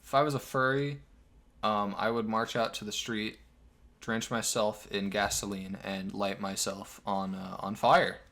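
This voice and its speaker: A man's voice: fairly low pitch, fairly even intonation, a little slow, a bit bright. Sarcastic, foul-mouthed male commentator. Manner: sarcastic, crude, lots of swearing. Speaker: online drama commentator. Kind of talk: commentary video.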